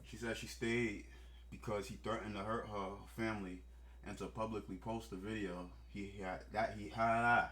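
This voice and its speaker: Low-voiced guy doing casual reaction commentary, blunt, jokey, swears a lot. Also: fairly even intonation, normal speed, fairly bright tone. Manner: blunt, joking, profane asides. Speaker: commentary host.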